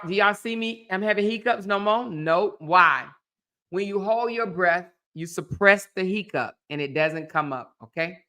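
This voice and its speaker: Woman host, livestream chat, bright tone, chatty, laughs with viewers. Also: lowish voice.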